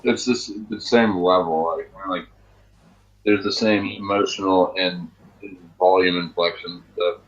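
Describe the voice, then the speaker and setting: A young man with a very low voice trades crude, brash jokes with friends. The recording sounds dull and lo-fi, like a cheap mic in a room. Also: steady tone, a little slow. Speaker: friend in a group chat. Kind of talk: casual chat.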